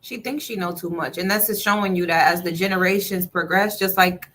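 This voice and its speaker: A woman's voice: fairly low pitch, fairly even intonation, a little fast, a bit bright. A woman co-hosting a radio talk show, speaking frankly and opinionatedly, swearing freely. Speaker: co-host.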